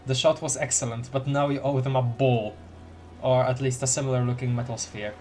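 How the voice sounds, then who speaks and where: A man's voice: mid-range voice, steady tone, brisk, darkish tone, faint music behind. A man streaming a story game, reading dialogue aloud with lots of giggles and playful repeated words.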